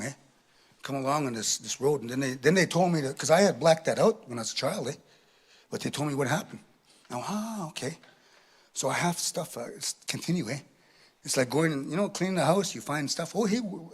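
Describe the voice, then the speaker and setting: A man doing stand-up storytelling at a live venue, animated, ending lines with a questioning "eh". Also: mid-range voice, breathy edge. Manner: animated, tag questions with "eh", acts out laughs. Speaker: comedian.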